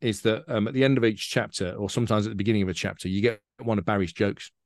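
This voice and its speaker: Chatty man, low voice. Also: fairly even intonation, fast talker, no room sound, clean studio sound. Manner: chatty, reads jokes aloud with acted voices. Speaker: podcast co-host. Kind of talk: casual chat.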